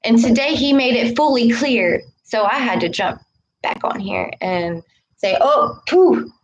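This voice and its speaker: Slow-talking woman preaching casually. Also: a little high, lively intonation, muffled recording, a crowd in the background. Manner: preachy, repeats "okay" and "all right". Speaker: spiritual vlogger. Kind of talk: casual spiritual talk to camera.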